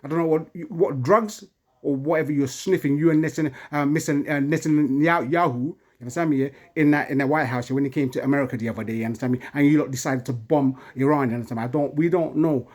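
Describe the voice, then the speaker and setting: A man's voice: fairly high pitch, fast, a little mellow. An emotional man, ranting in an impassioned monologue from his home and constantly asking if you understand. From England. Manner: agitated, keeps asking "you understand, yeah?".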